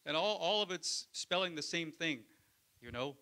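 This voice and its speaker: A man preaching a Sunday sermon in church. His voice is bright and forward, and he keeps it conversational, calling out to the congregation for an amen. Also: a little high, animated, moderate pace. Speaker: pastor.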